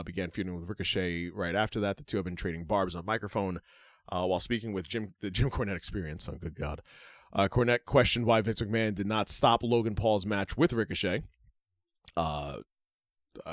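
A man's voice: deep voice, no echo, studio quality. A man co-hosting a podcast, reading wrestling news items aloud and adding joking asides. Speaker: podcast co-host. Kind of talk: casual wrestling news chat.

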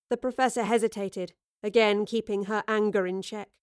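A woman narrating an audiobook drama in a measured storytelling manner. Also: mid-range voice, flat delivery, smooth, dry recording, clean studio sound.

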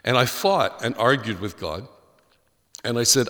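A man's voice: mid-range voice, lively intonation, unhurried, pauses often, fairly bright tone, long reverb tail. A man from Ireland with an Irish accent, a pastor telling a personal story in a sermon and acting out the voices he quotes.

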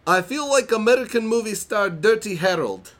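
A man's voice: animated, fairly bright tone. A man putting on a hammy, heavily accented foreign man. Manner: overdone mock accent, slow and high. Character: comically exaggerated heavy-accented foreign man, pompous.

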